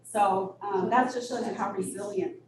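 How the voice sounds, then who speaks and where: A woman executive director telling candid stories in an interview, blunt and animated, with sudden high-pitched bursts. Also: normal speed, over a noisy crowd. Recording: echoey room, distant mic, audible noise.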